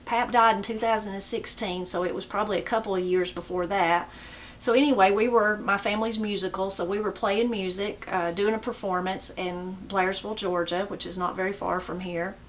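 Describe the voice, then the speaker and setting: A woman's voice: medium pitch, brisk, slight background noise. A middle-aged woman from the mountains of western North Carolina with an Appalachian accent, telling stories in a folksy, rambling way. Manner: folksy, rambling, animated when quoting. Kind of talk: casual storytelling.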